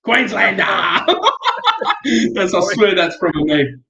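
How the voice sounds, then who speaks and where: A man's voice: high-pitched, huge pitch swings, drawn-out words, gravelly, pushed and bright, echoey room, lo-fi sound. A man from Perth with a West Australian accent, a laid-back bricklayer guest who laughs easily. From Perth, Western Australia. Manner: laid-back, laughs often, swears mildly. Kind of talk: casual chat.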